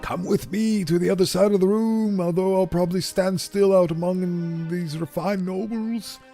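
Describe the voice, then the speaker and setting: A man voicing a timid young commoner woman who speaks in a hurried, anxious whisper. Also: high-pitched, fairly even intonation, mellow, faint music behind, pitched above the performer's own voice.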